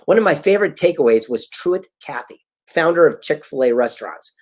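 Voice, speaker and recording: Middle-aged male motivational speaker, husky, very animated delivery, storyteller. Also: fairly high pitch, a little fast. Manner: animated storyteller, acts out quoted dialogue. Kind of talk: motivational talk.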